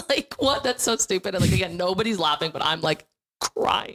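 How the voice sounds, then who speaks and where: A young woman from Iowa, a guest on a podcast, telling improv stories in a bubbly, animated way and laughing often. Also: a little high, unhurried, long pauses. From Iowa, USA. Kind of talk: casual chat.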